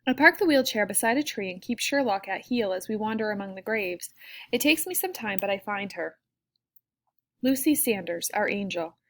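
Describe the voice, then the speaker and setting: A woman narrates a first-person audiobook in a soft, reflective tone. Her pitch sits in a typical middle range and her delivery is calm and even-paced. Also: normal speed.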